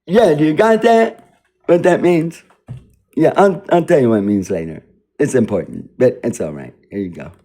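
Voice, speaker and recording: A man's voice: on the high side, moderate pace, dark tone, soft background music. A man giving casual commentary over a video, rambling and repeating words as he mock-teaches pronunciation. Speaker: video reactor.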